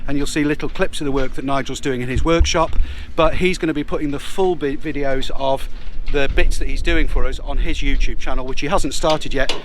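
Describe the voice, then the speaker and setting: A man's voice: mid-range voice, fairly even intonation, brisk, few pauses. A man chatting casually in a rambling way about restoring his yacht, with plenty of fillers. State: out of breath. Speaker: boat owner restoring a yacht. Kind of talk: casual vlog chat. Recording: noisy outdoor boatyard recording.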